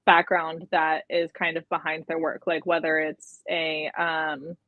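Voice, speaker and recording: A woman's voice: sits low, little pitch movement, measured pace, no room sound. Chatty woman on a tinny line. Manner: chatty, frequent "like" and "um". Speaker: guest, personal brand coach. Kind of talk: casual interview chat. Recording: tinny phone-like audio.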